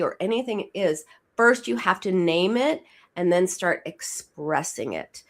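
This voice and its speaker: Speaking at medium pitch, a female psychoanalyst describes her approach as an interview guest. She is emphatic and quick to repeat words and start them over.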